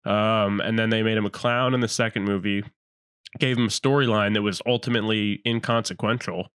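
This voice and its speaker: A young man co-hosting a podcast, his voice a touch low and the sound dry, with no room echo. He talks casually and gives blunt opinions, with the odd "uh" and "like" along the way. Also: steady tone, a little fast, fairly bright tone, clean tone. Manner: opinionated, blunt critique with fillers. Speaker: podcast co-host. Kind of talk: casual chat.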